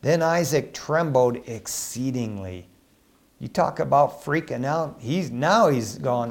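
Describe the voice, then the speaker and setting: A man preaching a sermon in an animated, emphatic way, swinging between loud bursts and hushed asides. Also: mid-range voice, slow pace.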